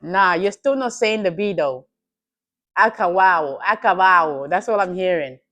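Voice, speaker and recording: A woman's voice: fairly low pitch, expressive, moderate pace, dull audio. Laughing, teasing live-stream host woman. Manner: laughs often, playful and teasing with chat. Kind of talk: casual live-stream chat.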